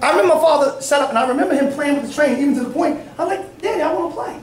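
A middle-aged man, a bishop preaching a sermon, telling stories with fervor and frequent shouts. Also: extremely high pitch, racing, over a noisy crowd. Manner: fervent, storytelling, often shouting. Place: church sanctuary. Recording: echoey church from a distance, congregation audible.

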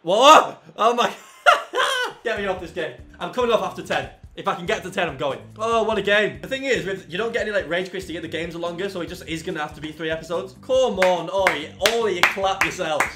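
A young man commentating his own football video game, swinging from low muttering to loud yelling. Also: fast talker, few pauses, a little hiss or hum. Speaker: gaming YouTuber. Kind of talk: live gameplay commentary.

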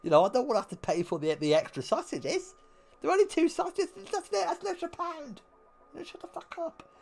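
A man's voice: very high voice, fast, creaky. A man streaming, telling a profane story to chat and laughing often.

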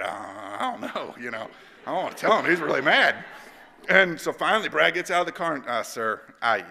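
A man giving a devotional talk in a church. He tells a story in an animated, conversational way. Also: on the high side. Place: church auditorium. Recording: long church hall reverb.

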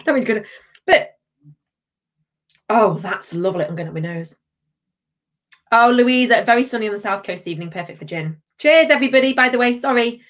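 A livestream host with a medium-pitched, fairly bright voice runs a live tasting stream. She's bubbly and casual, reading viewer comments aloud as she chats.

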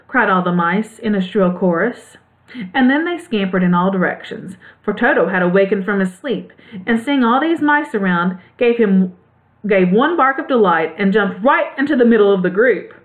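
Expressive woman reading a children's story. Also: mid-range voice. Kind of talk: storybook read-aloud for children. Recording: tinny phone-like sound.

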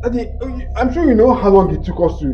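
A man's voice: high-pitched, animated, fast, muffled recording, faint music behind. A man with a Nigerian accent playing an anxious, overprotective husband in a comedy skit, stammering and repeating words when flustered.

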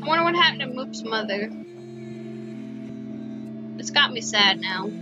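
A woman's voice: fairly high pitch, lively intonation, a little slow. A woman recording a casual gameplay video, reacting emotionally to the story as she plays. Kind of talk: casual let's play commentary. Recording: dull lo-fi with game music.

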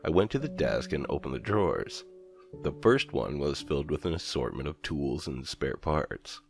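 A man narrating a first-person horror story in a measured storytelling manner. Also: rumbling low, sing-song, vocal fry. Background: soft background music.

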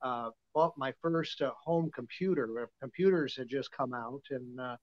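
A man's voice: mid-range voice, normal speed. A man in his seventies, from Nebraska, telling stories as a podcast guest in a folksy, rambling way with many fillers. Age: 70s. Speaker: guest, vintage guitar dealer. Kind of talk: casual storytelling. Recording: dull, lo-fi sound.

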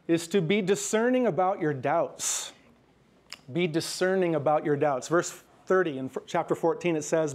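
A man preaching a sermon in a conversational way, checking in with the congregation and slowing down softly when he quotes scripture. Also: sits high. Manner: conversational preaching with frequent "right?" and "okay?"; slows and softens when quoting scripture. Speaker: pastor.

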